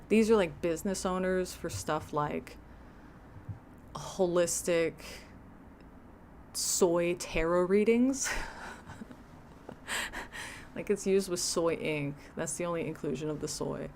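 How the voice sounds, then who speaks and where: A woman's voice: lowish voice, slow, long pauses, darkish tone, slight background noise. A woman hosting a livestream, giving sarcastic reaction commentary with laughing asides. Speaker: livestream host.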